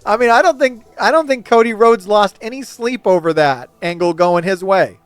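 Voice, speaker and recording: A man's voice: high-pitched, expressive, moderate pace, clean tone, no room sound, soft background music. A man hosting his channel, ranting casually and animatedly, laughing often and slipping into mocking impressions. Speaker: host. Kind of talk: casual opinionated rant.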